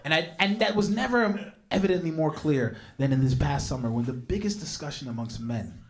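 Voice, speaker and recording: This young comic has a fairly high, brisk voice as he works a live crowd from the stage. He trades banter with them and tells stories with gusto, jumping his voice sharply to play the people he quotes.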